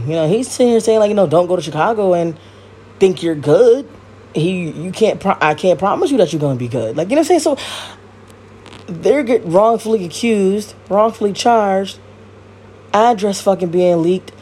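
Blunt, husky woman in her thirties. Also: medium pitch, dark tone. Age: 30s. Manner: blunt, profane and rambling, with many repeats and asides. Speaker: podcast host. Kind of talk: casual monologue.

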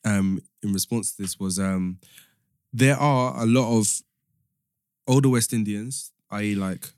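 A man's voice: fairly low pitch, unhurried, a little mellow, no room sound, studio quality. A young man in a casual discussion, explaining his points step by step with lots of filler words.

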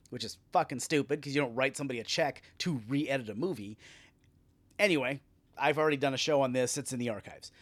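A man hosting a solo podcast, ranting with sarcasm and a lot of swearing. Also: fairly high pitch. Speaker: podcast host.

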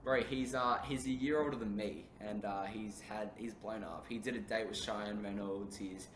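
A man's voice: on the low side, steady tone, moderate pace, a bit bright. Laid-back male podcast host, echoey room. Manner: laid-back, peppered with "bro" and "mate". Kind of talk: casual podcast chat. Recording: echoey room with background noise.

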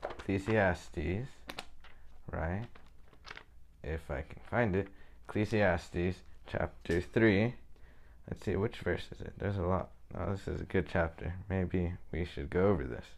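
A man's voice: low-pitched, measured pace, creaky. A young man giving an informal, rambling Bible lesson, often checking in with "okay?". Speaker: Bible study teacher.

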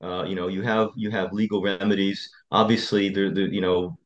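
A man, an attorney, speaking as a guest in a podcast interview and telling stories in an impassioned, animated way. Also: deep voice, moderate pace, lo-fi sound.

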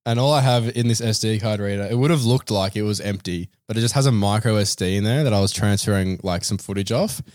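A man's voice: lowish voice, fast, few pauses, a little mellow, no room sound, studio quality. A man co-hosting a podcast, telling stories in casual chat, laughing often and acting out what people said. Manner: laughs often, swears casually, acts out quotes. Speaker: podcast co-host.

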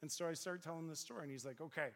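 A man's voice: a little high, very fast, vocal fry, in a large hall, a little hiss or hum. A middle-aged man preaching to a crowd, telling a story with lots of voiced dialogue, as a pastor. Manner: animated storyteller acting out dialogue. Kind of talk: storytelling sermon.

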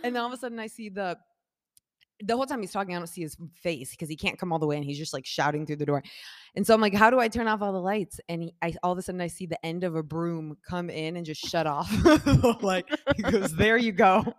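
A woman telling a personal story in a casual chat, animated and acting out the voices of the people in it, with lots of "like" and "I'm like" fillers. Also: fast talker, dry recording, studio quality. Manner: animated, acts out quoted voices with big shifts in pitch and loudness; talks with many fillers like "like" and "I'm like".

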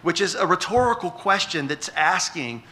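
A man's voice: high-pitched, animated, moderate pace, pushed and bright. A middle-aged man preaching a sermon in a conversational way, often restarting words and asking the congregation questions. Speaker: pastor.

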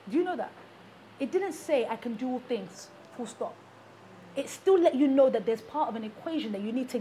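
High-voiced woman preaching emphatically. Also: a little mellow, a little hiss or hum. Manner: emphatic, repeating rhetorical questions to the congregation. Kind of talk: sermon.

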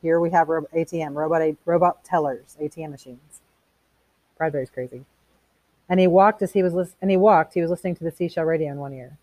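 Woman, lowish voice, dry close sound, reads a novel aloud, breaks off to explain. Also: fast, a little mellow, dry recording. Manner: reads plainly, stops to explain in casual asides. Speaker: teacher reading a novel aloud. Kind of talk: read-aloud with commentary.

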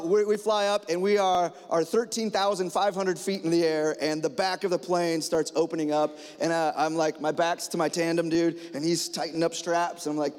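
A man preaching a sermon, telling a personal story in a lively, animated way and acting out the dialogue with lots of fillers. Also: fairly high pitch. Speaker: pastor. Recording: hall reverb.

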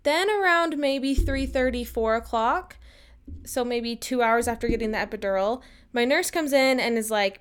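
A woman's voice: on the high side, normal speed, clear, resonant tone. A young woman in her twenties telling a personal story to camera in a chatty, upbeat way. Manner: chatty and upbeat, with animated quotes. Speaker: vlogger.

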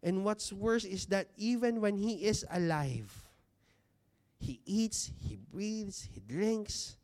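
A man with a high voice, lively intonation, and a darkish tone gives a sermon to a congregation seated in a church hall. He talks conversationally, asks rhetorical questions, and emphasizes key words by drawing them out slowly.

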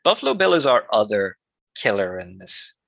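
Bright-voiced man in casual podcast chat. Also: lowish voice, big pitch swings, normal speed, creaky, no echo, low-quality recording. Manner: laid-back and analytical, breaks into laughs. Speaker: podcast co-host. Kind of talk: casual film-discussion chat.

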